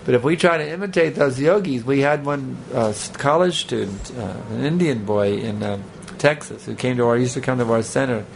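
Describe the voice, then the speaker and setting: With slight background noise, a man with a brisk, mid-range voice full of vocal fry talks with few pauses. He's a spiritual teacher giving a rambling, conversational sermon to a live audience, sprinkled with joking asides.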